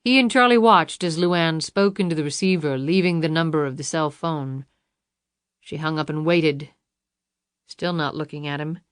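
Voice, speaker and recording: A woman reading a suspense novel audiobook in a measured, dramatic narration. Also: deep voice, clear, resonant tone, dry recording, studio quality. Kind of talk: scripted thriller narration.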